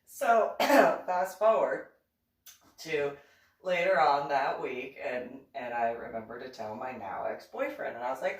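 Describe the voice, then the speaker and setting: A woman, a reverend, casually telling stories in a chatty, animated way and giggling often. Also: extremely low pitch, unhurried. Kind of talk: casual storytelling. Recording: echoey room, distant from mic.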